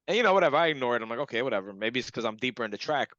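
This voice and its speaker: A young man recounts a strange personal experience in a relaxed, animated way, laughing and acting out what others said. His voice is bright and forceful. The recording is dry and a bit dull, with a lo-fi feel. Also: medium pitch, very fast, no echo. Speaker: hypnotherapy client. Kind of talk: casual storytelling testimonial.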